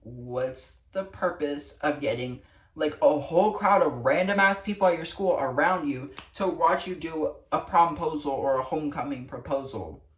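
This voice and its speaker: Low-voiced teen girl ranting profanely. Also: normal speed. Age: teens. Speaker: vlogger. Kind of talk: casual rant to camera. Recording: echoey room, distant mic.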